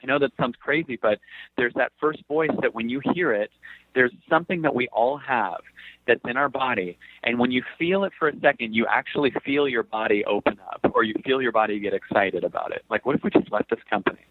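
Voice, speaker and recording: A man's voice: mid-range voice, fairly quick, dry recording, narrow, tinny audio. A man speaking as a guest on a talk show, explaining ideas with jokes and acted-out inner voices. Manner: animated, jokey, acts out inner voices. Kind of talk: motivational talk.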